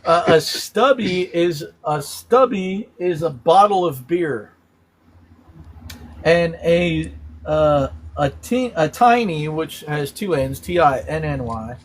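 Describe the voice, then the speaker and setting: A man's voice: a little high, takes it slowly. Upbeat man hosting a live chat. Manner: animated, explains slang terms one by one with frequent laughter. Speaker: host of a live stream. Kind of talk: casual live-stream chat.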